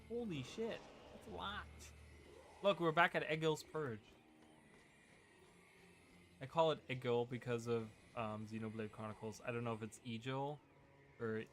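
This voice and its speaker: A man's voice: fairly high pitch, slight background noise. A man giving casual, rambling commentary while playing a video game, often restarting his sentences. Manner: rambling, chatty, many restarts. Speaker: gaming video creator. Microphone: USB desk microphone. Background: game music.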